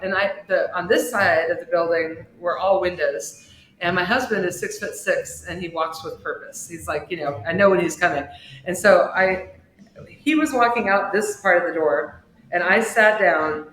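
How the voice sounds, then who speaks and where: A woman guest on a podcast, an author and shop owner, telling a personal story with big swings in pitch and volume. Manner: expressive storyteller with wide swings in pitch and loudness. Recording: echoey room with faint noise.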